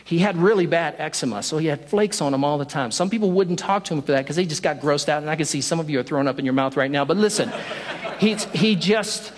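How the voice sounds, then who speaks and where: A man preaching a sermon, telling a story in an animated way and acting out the lines of the people in it. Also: on the high side, fast. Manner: storytelling, animated, acts out quotes. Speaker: pastor. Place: church sanctuary. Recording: long hall reverb.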